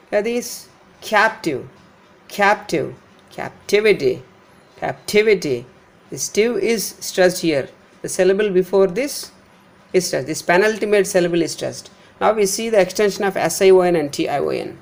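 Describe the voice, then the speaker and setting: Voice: mid-range voice, gravelly, darkish tone. A teacher with an Indian English accent giving a pronunciation lesson, who repeats each example word several times and spells out letters. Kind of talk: phonetics lesson.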